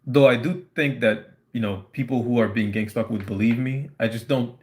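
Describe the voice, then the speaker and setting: A man on a casual live stream, telling a personal story in a halting way, full of fillers and restarts. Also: medium pitch, darkish tone.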